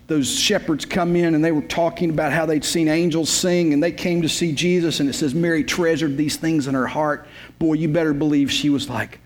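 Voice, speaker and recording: A man, preaching a sermon as a pastor. He tells the story in an emphatic, repetitive way with folksy humor. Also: on the high side. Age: 50s.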